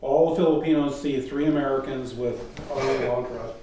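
A man, a guest, telling a personal missionary story in a casual, animated way and mimicking the voices of people in it. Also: mid-range voice, a little fast. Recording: distant mic in a very echoey room, faint noise.

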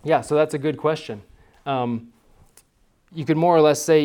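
A man leading a class, teaching in a relaxed, conversational way and putting questions to his students. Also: fairly high pitch, normal speed, smooth.

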